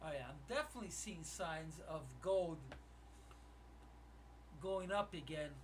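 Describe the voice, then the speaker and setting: A man with a high voice, unhurried in his speech, thinks aloud to his viewers about his trades during a live trading stream. He sounds a little distant from the mic, with a faint noise behind him. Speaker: day trader running a live trading room.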